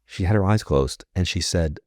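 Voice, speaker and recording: A man with a low, deep voice tells a story on a podcast, acting out the lines of the people he quotes. He grew up in New York and talks in a relaxed, chatty way. The sound is close and dry, with no room echo. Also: normal speed. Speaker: podcast guest, psychic medium. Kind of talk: casual storytelling.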